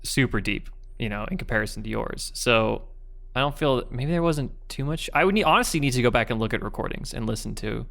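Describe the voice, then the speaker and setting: A young man with a bright, forceful tone at a middle pitch for a man. He co-hosts a casual podcast, asking questions and reacting with quick curiosity to his friends. His voice comes across as sharp and lively. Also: vocal fry. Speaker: podcast co-host. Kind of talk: casual chat.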